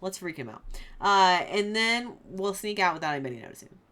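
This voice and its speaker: A woman's voice: medium pitch, lively intonation, fairly quick, close to an everyday voice. A woman doing a cocky young man, slangy and mocking. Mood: casual. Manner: slangy, mocking, loud bursts. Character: brash young man taunting, casual and cocky.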